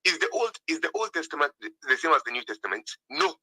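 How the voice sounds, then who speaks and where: Fast, bright-voiced man arguing back. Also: on the high side, very animated, dry recording, poor audio. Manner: defensive, answers with counter-questions. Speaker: debater. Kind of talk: heated religious debate.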